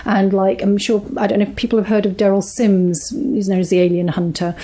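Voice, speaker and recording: A woman's voice: medium pitch, little pitch movement, a little fast. Rambling British woman hosting a meeting. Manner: rambling, warm thanks with frequent fillers. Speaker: meeting organiser. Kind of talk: addressing a small meeting.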